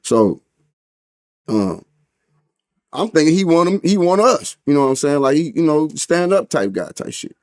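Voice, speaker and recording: A man's voice: a little high, big pitch swings, normal speed, long pauses, darkish tone. A man from St. Louis with a St. Louis accent, telling a story as an interview guest, full of slang and cursing, and raising his voice when he acts out what people said. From St. Louis, USA. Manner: street slang and heavy cursing, acts out quotes in a raised voice.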